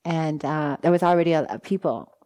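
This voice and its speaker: Lively woman telling a dharma story. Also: deep voice, a little fast. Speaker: meditation teacher. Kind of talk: dharma talk.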